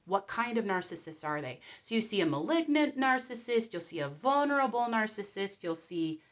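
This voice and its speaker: Woman, vlogger, casual commentary, animated delivery, acts out quotes. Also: mid-range voice, normal speed.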